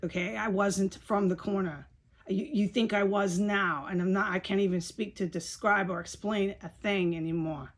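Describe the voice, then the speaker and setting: A woman's voice: medium pitch, steady tone, moderate pace. A woman giving a rambling, frustrated video monologue, repeating herself and swearing often. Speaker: video blogger.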